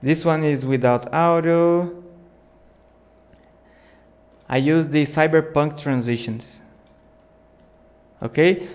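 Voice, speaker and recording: A man hosting a live video editing tutorial, thinking aloud in unhurried, with small slips. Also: medium pitch, a little mellow. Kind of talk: live screen-share tutorial.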